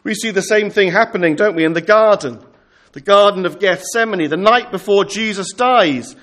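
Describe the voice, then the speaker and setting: High-voiced earnest male preacher. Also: a bit bright. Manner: earnest, pastoral, slows down for scripture quotes. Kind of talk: sermon.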